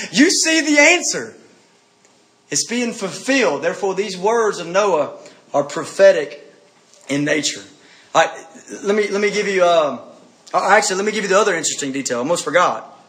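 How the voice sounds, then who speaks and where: A man preaching a sermon, speaking in an animated way, repeating his points and asking listeners direct questions. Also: high voice. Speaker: pastor.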